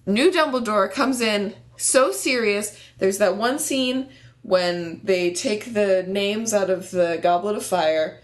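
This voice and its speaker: A young woman co-hosting a casual chat, animated and laughing often, ranting with passion. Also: mid-range voice, takes it slowly.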